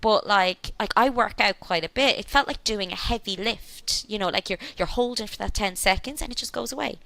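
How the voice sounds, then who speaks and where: A woman's voice: medium pitch, brisk, vocal fry, a bit bright, no echo, poor audio. A woman, a podcast guest telling a long personal story in a chatty way, often laughing and acting out what people said. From Ireland. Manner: chatty, laughs often, acts out quoted speech. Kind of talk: storytelling in a casual interview.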